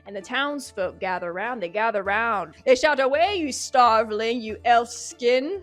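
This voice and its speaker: A woman hosting a video, ending it with a rambling, playful and absurd outro full of stammering asides. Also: mid-range voice. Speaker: YouTube host.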